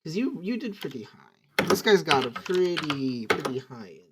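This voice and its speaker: A man's voice: on the high side, very animated, unhurried. A man narrating as game master, stumbling and restarting often, over a noisy voice call. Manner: hesitant narration with many restarts. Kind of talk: running a tabletop game online.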